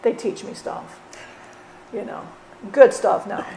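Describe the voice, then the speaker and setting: A woman's voice: takes it slowly, warm tone, a little hiss or hum, natural voice. A woman channeling the spirit of a dead man, who rambles bluntly, swears and keeps saying "you know". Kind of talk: channeling session.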